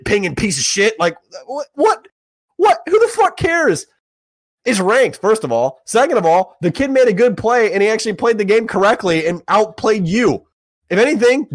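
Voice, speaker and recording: A young man holds forth on a podcast, his voice sitting a touch high and climbing further as he gets heated. He swears freely and hammers his points with blunt emphasis. The sound is close and dry, with no room around it. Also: no echo. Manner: profane, emphatic, rising in pitch when heated. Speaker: podcast co-host. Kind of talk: heated casual rant.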